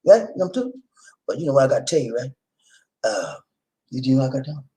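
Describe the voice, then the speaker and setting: A man putting on the voice of a friend who teases someone in a low, confiding tone. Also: very animated, close to an everyday voice, rough recording. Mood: teasing. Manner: low, hushed, drawn-out teasing.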